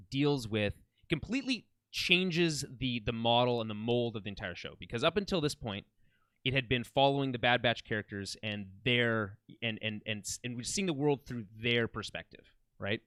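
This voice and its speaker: A man's voice: medium pitch, expressive, normal speed, fairly bright tone, smooth, no room sound. A man co-hosting a podcast, chatting casually and enthusiastically about a TV series, often restarting his sentences. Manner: rambling, enthusiastic, many restarts. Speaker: podcast co-host. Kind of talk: casual film and TV chat.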